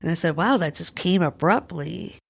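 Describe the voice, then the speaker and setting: A woman's voice: fairly low pitch, lively intonation, moderate pace, gravelly, breathy edge. A woman hosting a podcast, talking through a personal experience in a candid, emotional, searching way. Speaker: podcast host. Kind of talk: personal reflective monologue.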